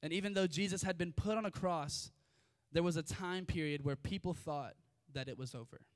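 A man's voice: a little high, moderate pace, smooth, no echo, clean studio sound. A young man preaching a casual sermon, reading scripture with chatty, informal asides. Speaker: youth preacher.

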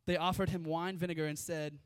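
A man's voice: fairly high pitch, little pitch movement, a little fast, clean tone, no echo, clean studio sound. A young man preaching a casual sermon, reading scripture with chatty, informal asides. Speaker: youth preacher.

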